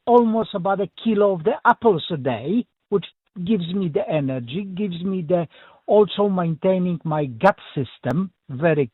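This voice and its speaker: A man's voice: sits high, breathy edge, no echo. A man calling in to a radio show, speaking earnestly with non-native phrasing. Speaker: caller. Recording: phone line.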